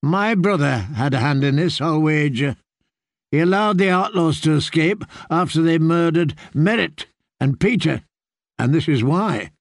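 A bitter young noble heir, as voiced by a man, sneering and accusing in a raised, gravelly voice. He sounds resentful and sharp-tongued, a storybook lordling nursing a grudge. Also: a little high, expressive, a little slow, no room sound, clean studio sound.

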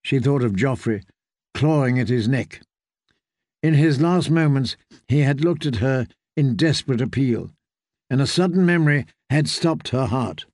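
This man narrates an audiobook in a steady, measured storytelling style. His pitch is medium, and the studio recording is clean with no echo.

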